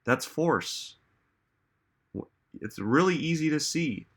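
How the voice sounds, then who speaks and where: A man's voice: a little high, lively intonation, takes it slowly, creaky, fairly bright tone, breathy edge. A man giving a reflective motivational talk, musing aloud and asking listeners many rhetorical questions. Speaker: self-help speaker.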